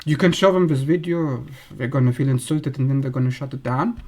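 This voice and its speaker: A man's voice: medium pitch, fairly even intonation, a little fast, darkish tone. A man hosting an astrology channel, talking bluntly in a casual monologue and acting out the people he describes in a raised voice.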